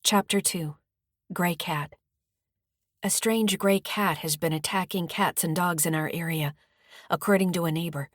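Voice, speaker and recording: A woman reading a first-person nonfiction audiobook in a calm, measured narration. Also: lowish voice, dry recording, clean studio sound. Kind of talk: scripted narration.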